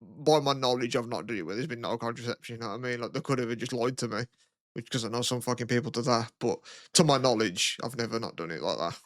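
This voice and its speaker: A man's voice: medium pitch, fast talker, a bit bright, no echo, clean studio sound. A young man from the UK, co-hosting a podcast in casual, rambling chat with plenty of swearing and fillers. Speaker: podcast co-host.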